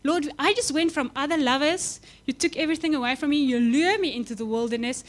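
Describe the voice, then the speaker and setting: A young woman delivering a sermon with fervent, swelling emphasis that falls back into hushed, tender lines. Her voice sits a little higher than most. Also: quick pace, few pauses. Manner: impassioned, rising to emphatic peaks then dropping soft. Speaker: preacher.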